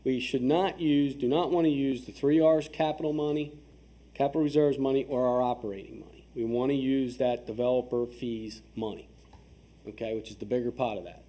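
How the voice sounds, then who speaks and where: A man with a very dark, mellow voice and an average pitch walks a town meeting through budget figures. He is methodical, stopping often to ask "okay?", and he restarts a phrase now and then as he reads out the numbers. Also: steady tone, brisk. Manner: frequent restarts and fillers while reading numbers. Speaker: town official presenting finances. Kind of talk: explaining budget figures at a public work session.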